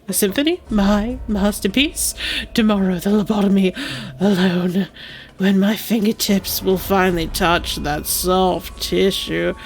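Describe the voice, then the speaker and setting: A woman reading a sinister surgeon villain's monologue from a game, in a hushed, drawn-out, relishing voice. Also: mid-range voice, gravelly. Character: sinister surgeon villain savoring a planned lobotomy.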